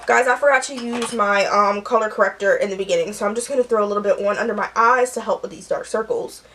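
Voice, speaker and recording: A woman's voice: medium pitch, quick pace. A young woman, chatting through a story while doing her makeup, acting out the people she quotes. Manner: chatty, animated, acts out quotes. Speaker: nurse vlogger.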